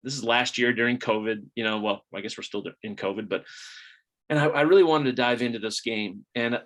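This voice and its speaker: A man's voice: medium pitch, brisk, a bit bright. Chatty middle-aged man on a video call. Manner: conversational, chatty, many restarts. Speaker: author giving a talk. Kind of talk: casual storytelling talk. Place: home, indoors.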